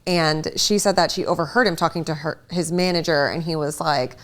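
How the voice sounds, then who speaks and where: A woman, co-hosting a chatty podcast. Her voice sits a little low, then jumps up whenever she acts out what others said. She tells gossip in a lively, casual way. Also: brisk. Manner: animated storyteller, acts out quotes with rising pitch. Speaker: podcast co-host.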